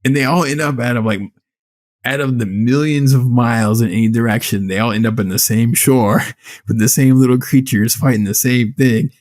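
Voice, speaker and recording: A podcast co-host, mid-range voice at a moderate pace, rants casually about a movie. He's animated and swears often, telling the story as if he can hardly believe it.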